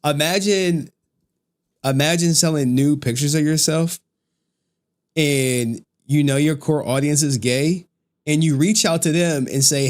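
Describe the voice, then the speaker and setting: A man's voice: fairly high pitch, unhurried. A man ranting on a livestream in crude slang, laughing often. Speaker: streamer commentator. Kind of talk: casual livestream rant.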